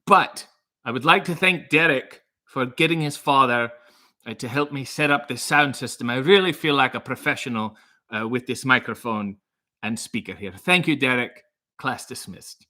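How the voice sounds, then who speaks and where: A man putting on a fake Scottish accent to play an angry old male math teacher who tells bad jokes, halting and muttering. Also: medium pitch, bright, forceful tone, natural voice. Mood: grumbling. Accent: put-on Scottish accent.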